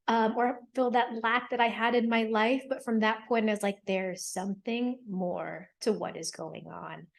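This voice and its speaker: A woman in her thirties, an attorney and hypnotherapist, earnestly telling her personal story in a thoughtful, reflective interview. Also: medium pitch. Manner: earnest, thoughtful, with frequent ums and quoted inner thoughts.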